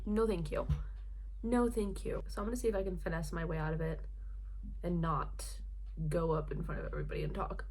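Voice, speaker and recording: A young woman talking casually to her camera, chatty and animated, with lots of filler words. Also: lowish voice, slight background noise. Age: young adult. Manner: drops to a hushed whisper. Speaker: vlogger. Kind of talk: casual vlog chat.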